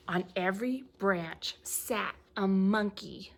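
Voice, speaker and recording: Expressive preschool teacher reading aloud. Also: female voice, fairly high pitch, takes it slowly, gravelly. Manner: expressive, asks the children questions, gasps. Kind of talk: picture book read-aloud for young children.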